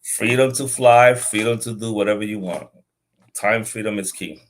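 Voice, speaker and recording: Guy with a lowish voice, consultant on an interview, talks slow and loose, repeats himself a lot. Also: a little hiss or hum. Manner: relaxed, halting, repeats words while thinking. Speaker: guest, business consultant. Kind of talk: casual interview talk.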